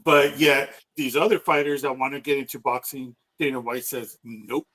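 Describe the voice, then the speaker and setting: A man's voice: mid-range voice, steady tone, moderate pace, fairly bright tone, poor audio. A man co-hosting a podcast, chatting casually and bluntly, cursing as he rants. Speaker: podcast co-host. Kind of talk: casual chat.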